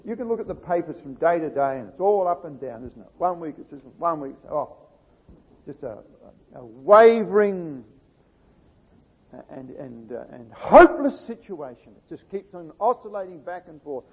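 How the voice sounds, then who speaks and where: A man's voice: a little high, big pitch swings, normal speed. A man preaching an expository Bible sermon, reading scripture aloud and then commenting on it with rising emphasis. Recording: dull lo-fi recording in a reverberant hall.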